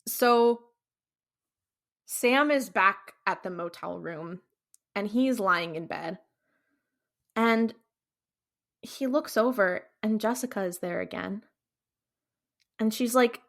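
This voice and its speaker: A woman's voice: medium pitch, slow, pauses often, a bit bright. A woman co-hosting a podcast, casually recapping a TV episode, blunt and swearing freely as she walks through each scene. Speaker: podcast co-host.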